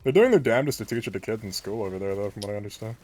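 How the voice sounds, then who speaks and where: Fast-talking brash American man. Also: lowish voice, lively intonation, a little mellow. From United States. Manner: brash, swearing, jokey. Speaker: streamer. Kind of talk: casual gaming chat.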